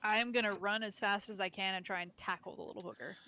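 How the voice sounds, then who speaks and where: Bright woman calling out dice rolls. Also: medium pitch, fairly even intonation, fast talker. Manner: terse, calls out rolls. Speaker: player. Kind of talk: casual tabletop play.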